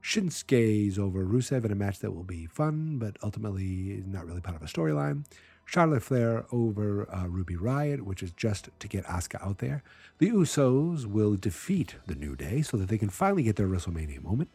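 Man, wrestling show host, husky voice, rambling jokey prediction chat. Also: lowish voice, sing-song, fairly quick, mellow, no echo. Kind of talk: casual prediction commentary.

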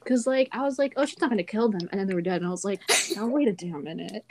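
A young woman co-hosting a podcast in casual chat, blunt and deadpan. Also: medium pitch, rapid-fire, noisy background. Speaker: podcast co-host.

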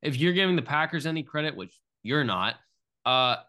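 A man's voice: a little high, animated, fairly quick, sharp tone. A young man co-hosting a sports podcast, talking casually, nervous and stammering, often repeating himself. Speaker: podcast co-host.

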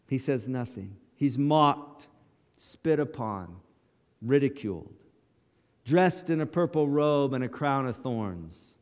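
A man's voice: mid-range voice, expressive, takes it slowly, a little mellow, long reverb tail. A male pastor preaching a sermon in short, dramatic, emphatic lines.

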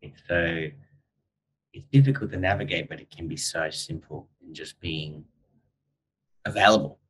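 Deep husky man hosting a podcast. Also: moderate pace, rough recording. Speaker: podcast host. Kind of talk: casual interview chat.

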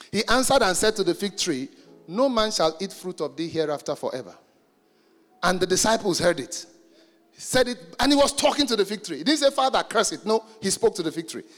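A man from Nigeria preaching a sermon, animated and joking, shouting some points and stretching words. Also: sits high, in a large hall.

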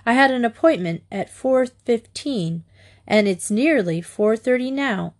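A kindly middle-aged school official, formal and earnest, read by a woman. He speaks in measured, polite storybook phrasing. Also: fairly high pitch, expressive.

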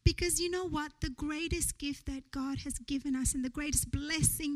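A woman's voice: high voice, normal speed, few pauses, poor audio. A woman preaching a sermon in church, earnest, building to rising rhetorical questions.

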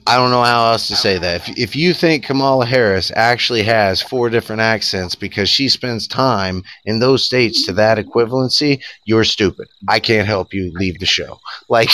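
Low-voiced man ranting with profanity. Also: moderate pace. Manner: profane, sarcastic, animated ranting with laughs. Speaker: podcast co-host. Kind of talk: casual political podcast rant.

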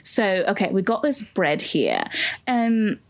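A woman's voice: medium pitch, wildly swooping pitch, takes it slowly, heavily acted. A woman improvising a rambling, bumbling castle kidnapper in a comedy scene, chatty and jumping between ideas. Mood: scheming.

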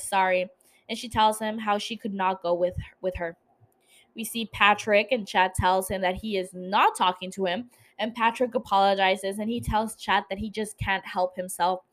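A young woman hosting a podcast, recapping a TV episode in casual chat, swearing a lot and laughing at her own jokes. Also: medium pitch. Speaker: podcast host.

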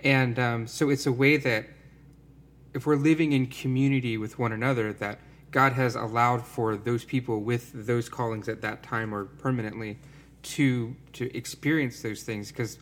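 A man's voice: medium pitch, fairly even intonation, normal speed. A man talking earnestly and rambling a little, full of fillers, in a casual conversation about faith.

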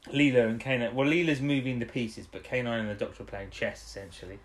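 A man co-hosting a podcast in casual chat, rambling through a recap and acting out characters' lines. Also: medium pitch. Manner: rambling recap, acts out lines in quick voices. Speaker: podcast co-host.

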